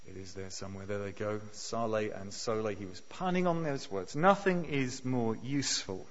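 A man preaching a sermon, emphatic, pushing key words up to near shouts. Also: fairly low pitch, fairly quick. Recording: dull sound with long hall reverb.

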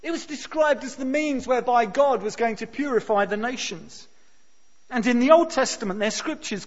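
A man preaching a sermon, emphatic, pushing key words up to near shouts. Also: extremely high pitch. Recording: dull sound with long hall reverb.

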